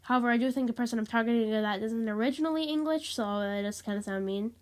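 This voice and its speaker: A woman's voice: on the high side, fast talker. A woman vlogging in a casual, rambling monologue, stuffy and sniffling, apologetic and repeating herself, recorded on a tablet. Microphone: tablet microphone.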